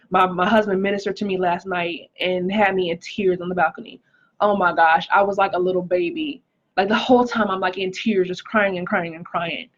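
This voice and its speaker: On a live stream, a pregnant life coach recovering from a stroke gives an earnest, emotional testimony and reads viewer comments aloud. Her voice is fairly low and a bit bright, with the highs cut off.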